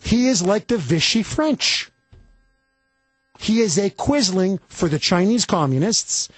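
Guy ranting on talk radio, high pitched and all over the place, kinda husky. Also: dry recording. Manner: emphatic, indignant, repetitive. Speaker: radio talk show host. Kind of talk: political talk radio monologue. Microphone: studio microphone.

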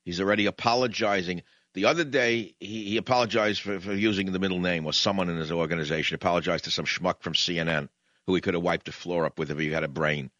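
A man's voice: sits low, steady tone, fast talker, fairly bright tone, no echo, muffled recording. A male talk radio host delivering a rambling, sardonic, combative monologue.

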